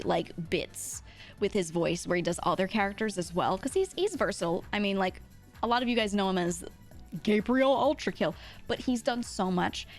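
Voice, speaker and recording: A woman streamer in casual chat who talks in a gushing, excitable, giggly way. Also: medium pitch.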